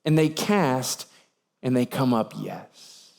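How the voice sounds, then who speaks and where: A man preaching a sermon, telling the story in an animated way and acting out the sailors' lines. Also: mid-range voice, slow pace, creaky, big-room sound. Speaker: pastor.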